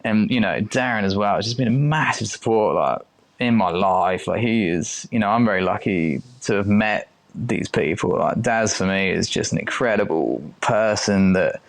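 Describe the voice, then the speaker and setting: Chatty man, fairly low voice. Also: moderate pace, gravelly. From United Kingdom. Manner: chatty, swears casually, acts out quoted speech. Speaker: chef and restaurant owner, guest. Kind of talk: casual interview chat.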